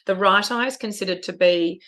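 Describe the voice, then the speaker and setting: A woman's voice: mid-range voice, a little fast, fairly bright tone. A middle-aged woman co-hosting a podcast, talking in an earnest, emotional, reflective way about parenting and feelings. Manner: earnest, emotional, spiritual wording. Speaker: podcast co-host. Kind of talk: casual reflective chat.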